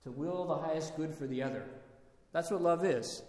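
Man, preacher, sermon, somewhat high voice, conversational storytelling, heavy echo. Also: moderate pace, darkish tone. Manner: storytelling, conversational with rhetorical questions. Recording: echoey hall.

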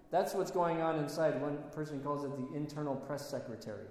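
A man's voice: fairly high pitch, a little fast, darkish tone. Man preaching in an echoey hall. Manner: storytelling, conversational with rhetorical questions. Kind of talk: sermon.

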